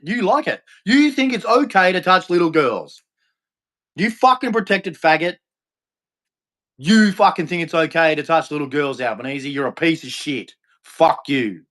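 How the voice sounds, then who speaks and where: A man with an unusually high, bright-toned voice for a man, ranting on a livestream. He speaks in a heated, accusatory way, hammering the same points again and again with harsh, profane language. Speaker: livestream host. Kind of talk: angry livestream rant.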